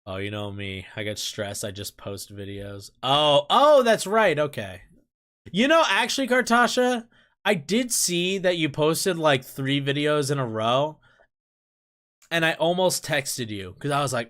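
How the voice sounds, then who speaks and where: A man's voice: fairly high pitch, expressive, a little slow, fairly bright tone. A young man hosting a livestream, chatting casually and rambling, laughing often and reading viewer comments aloud from his desk at home. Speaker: livestream host. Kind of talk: casual chat with stream viewers.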